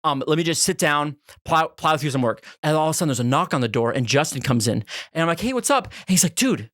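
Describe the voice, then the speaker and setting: A young man tells a story on a podcast in a quick, animated rush, swearing freely and acting out his own panic. His voice sits high and bright. The sound is dry and close, with no room around it. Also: no echo. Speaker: podcast co-host. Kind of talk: casual storytelling chat.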